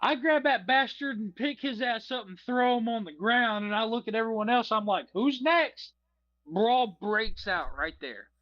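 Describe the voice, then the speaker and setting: A man with a high voice tells a wild night-out story in a rowdy, profane rush, cutting in over his friends. The recording sounds dull and lo-fi. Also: lively intonation, moderate pace, hardly any pauses. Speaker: podcast co-host. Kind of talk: casual drunken storytelling.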